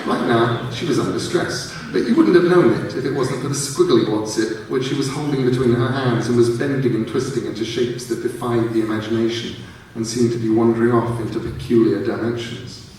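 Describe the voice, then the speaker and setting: A man narrates his own story aloud in a measured, storytelling way on a large theatre stage. His voice is heard from far off and rings around the hall, with a faint hum of room noise behind it. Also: mid-range voice, a little mellow. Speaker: author reading his story. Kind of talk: live reading of fiction.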